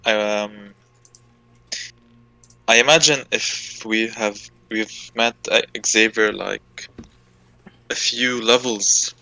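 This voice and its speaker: A man chatting after a tabletop session, talking in a halting, low-key way. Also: fairly even intonation, gravelly, sharp tone, rough recording. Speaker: player. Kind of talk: post-session recap chat.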